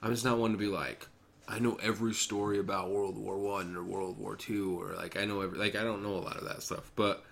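Brief: young adult man, lowish voice, animated casual storyteller, heavy on "like". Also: fairly quick, vocal fry, slight background noise. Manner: animated storyteller, many "like" fillers, acts out quotes. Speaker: podcast co-host. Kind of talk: casual chat.

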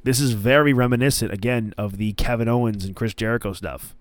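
A man's voice: medium pitch, fairly even intonation, brisk, dry recording. A young man hosting a casual wrestling podcast, rambling with restarts and acting out quoted lines. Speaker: podcast host.

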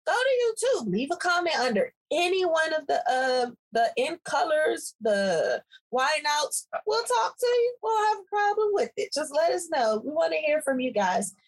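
A woman co-hosting a podcast, chatting casually and playfully, laughing often and drawing some words out slowly. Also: high voice, very animated, rough recording. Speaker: podcast co-host. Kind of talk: casual chat.

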